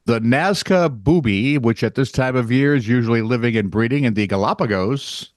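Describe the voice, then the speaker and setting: A man's voice: medium pitch, a little fast, dry recording, studio quality. A man co-hosting a comedic news podcast, reading stories and cracking teasing jokes in casual banter. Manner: wisecracking, teasing. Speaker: podcast co-host, news reader.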